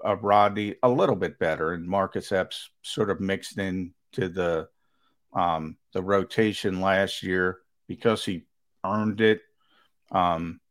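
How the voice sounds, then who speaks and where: A man co-hosting sports talk radio, measured and explanatory as he lays out his view for listeners. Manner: measured, explanatory, with fillers and restarts, lively pitch.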